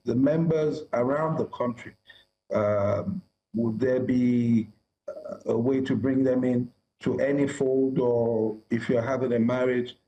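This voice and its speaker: Mellow male commentator, hesitant. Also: mid-range voice, steady tone, takes it slowly, highs cut off, a little hiss or hum. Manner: hesitant, many fillers. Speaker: political commentator. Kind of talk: TV panel commentary.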